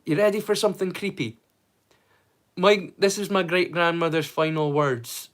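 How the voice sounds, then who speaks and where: A man's voice: high-pitched, steady tone, moderate pace. A man hosting a casual livestream watch-along, chatting, joking and swearing freely with his viewers. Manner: greets viewers loudly and brightly. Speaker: livestream host.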